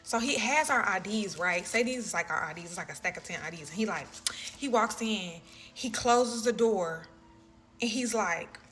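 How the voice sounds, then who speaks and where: A woman telling a personal story in a casual, animated way, full of "like" and "you know what I'm saying". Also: medium pitch, moderate pace.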